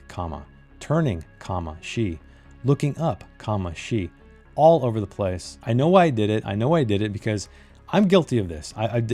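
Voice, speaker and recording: A man's voice: lowish voice, mellow. A man reviewing a novel in a critical monologue, emphatic and fond of repeating key phrases for effect. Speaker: book reviewer.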